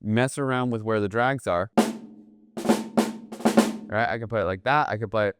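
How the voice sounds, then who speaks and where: A man teaching jazz drumming in a relaxed, explanatory way, often checking in with "right?". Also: fairly low pitch, normal speed, over loud music. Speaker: drum teacher. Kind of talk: casual instructional talk.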